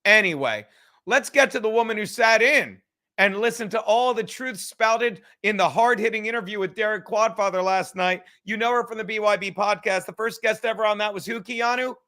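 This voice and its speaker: A man's voice: high voice, brisk. A man hosting a livestreamed podcast, rambling and swearing as he tells stories and reads out viewer messages. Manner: profane, rambling, animated storytelling. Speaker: podcast host. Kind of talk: casual livestream chat.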